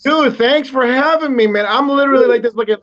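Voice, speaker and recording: A man joining a live stream as a guest, excitable and stammering, laughing through his stories. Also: extremely high pitch, fast. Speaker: viewer guest. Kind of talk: casual live stream chat. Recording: dull lo-fi stream audio.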